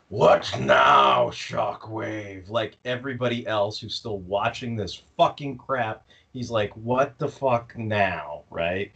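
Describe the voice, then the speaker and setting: A man co-hosting a casual fan podcast, ranting sarcastically with plenty of profanity and mocking impressions of the characters. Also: medium pitch. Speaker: podcast co-host. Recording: slightly dull lo-fi audio.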